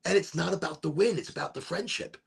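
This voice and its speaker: A middle-aged man from Chicago telling a rambling story on a live stream, animated and swearing, with sudden shouts when he acts out voices. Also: a little high, fast. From Chicago, USA. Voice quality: gravelly and husky. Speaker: streamer hosting a smoke session.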